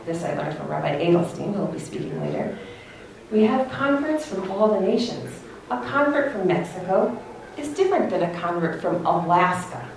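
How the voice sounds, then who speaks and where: A woman's voice: mid-range voice, darkish tone, far from the mic. A middle-aged woman teaching a religious class, earnest and full of storytelling. Her voice carries in a very echoey hall and sounds set back from the microphone. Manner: earnest, storytelling, laughs at own anecdote. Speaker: Torah teacher. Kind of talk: religious lecture. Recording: echoey hall, speaker away from mic.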